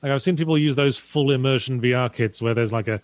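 A man's voice: medium pitch, quick pace, no echo. A man, co-hosting a casual podcast chat, dry and wry, reading out viewer donations.

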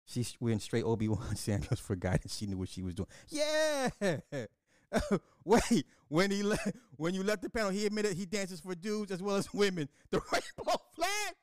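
A man hosting a livestream in casual commentary, talking in an animated, emphatic way and laughing often. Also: sits high, normal speed. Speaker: livestream host.

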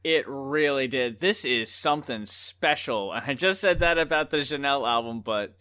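A man's voice: mid-range voice, normal speed, sharp tone, smooth. A man co-hosting a casual music review podcast, ranting with profane, exasperated mock outrage. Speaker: podcast co-host.

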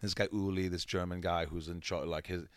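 A man in his forties, a comedian and musician, chatting casually as a guest and telling rambling, animated stories with some profanity. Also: deep voice, quick pace, clean tone, no room sound, studio quality. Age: 40s. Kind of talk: casual interview chat.

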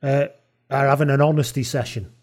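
A man's voice: medium pitch, steady tone, brisk, darkish tone. A man co-hosting a podcast, telling stories chattily and mock-quoting people as he talks about work and rugby. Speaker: podcast co-host. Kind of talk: casual rugby chat.

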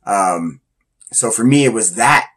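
A man's voice: on the low side, lively intonation, measured pace, fairly bright tone, breathy edge. A man who fights Muay Thai, talking casually and enthusiastically as he counts down his influences. He rambles a little and uses slang.

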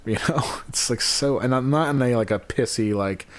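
A young man co-hosting a podcast in casual chat, sounding subdued and sluggish and talking haltingly with many fillers. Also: mid-range voice. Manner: halting, full of fillers and restarts. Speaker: podcast co-host.

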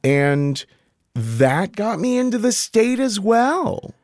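As a guest on a podcast, a middle-aged man tells a personal story in casual conversation at a slow pace. He's animated, and his pitch jumps up whenever he quotes himself. The studio sound is clean, with no room sound.

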